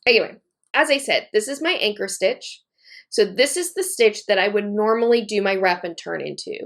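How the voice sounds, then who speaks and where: Gravelly-voiced woman teaching knitting. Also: medium pitch, expressive, normal speed. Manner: methodical, repeats key points, talks while working. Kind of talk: step-by-step tutorial demonstration.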